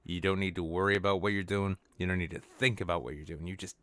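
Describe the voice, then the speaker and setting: A young man hosting a podcast, talking in a rambling, animated way, full of fillers and swearing. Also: deep voice, fast talker, background noise. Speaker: podcast host. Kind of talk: casual chat.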